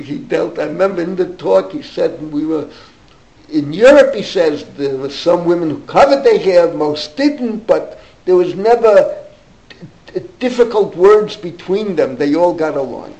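This older New Yorker rambles through anecdotal stories in a gravelly, fairly high, slightly mellow voice at a normal speed. He digresses constantly, with plenty of fillers and restarts, against a roomy echo and faint background noise.

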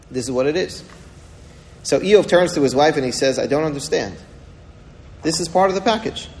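A man's voice: on the high side, a little mellow, long reverb tail. A man giving a Torah lecture, retelling a story dramatically and asking rhetorical questions. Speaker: rabbi teaching a Torah class.

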